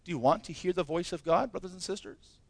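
A man's voice: high voice, quick pace, no echo. A man preaching a sermon as pastor, impassioned and emphatic, with many rhetorical questions.

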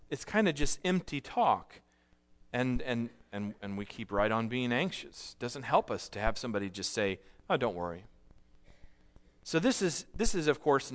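A man preaching a sermon in an earnest, measured way, stressing key phrases and often repeating himself. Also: mid-range voice. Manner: earnest, measured preaching with frequent repetitions and restarts. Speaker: pastor.

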